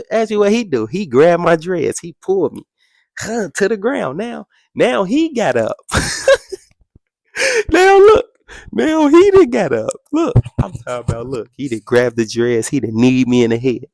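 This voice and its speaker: A young man, a podcast guest, telling a story in an animated way, acting out quotes in a much higher voice and adding sound effects. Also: normal speed, creaky, no echo, clean studio sound.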